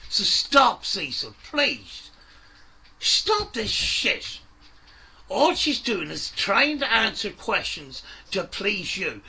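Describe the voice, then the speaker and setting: A man's voice: high-pitched, wildly swooping pitch, slow, creaky, bright, forceful tone, slightly rough. A man doing an angry, sweary reaction commentary, mocking and ranting at the video he watches. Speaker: commentary YouTuber.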